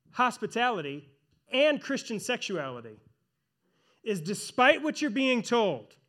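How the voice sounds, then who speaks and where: Preaching with earnest emphasis, this pastor and church elder slows his delivery to underline important phrases. He has a high, slightly bright voice.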